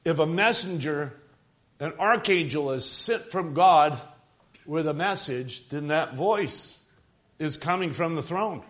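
A man preaching with a somewhat high voice. He presses key phrases, swells and drops his volume, and checks in with the congregation as he goes. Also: lively intonation, slow pace, a bit bright. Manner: emphatic, rising and falling for emphasis, calls out to the congregation. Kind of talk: sermon.

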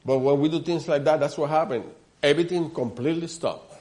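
A man's voice: fairly high pitch, fairly quick, darkish tone. A man preaching a sermon, telling his story earnestly, repeating himself and turning often to the listeners.

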